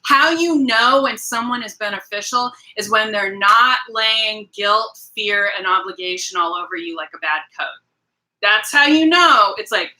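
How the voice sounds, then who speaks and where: A woman's voice: a little high, bright, forceful tone, rough recording. A woman hosting a casual livestream, talking straight to her viewers in a rambling, emphatic way and greeting people in the chat. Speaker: livestream host.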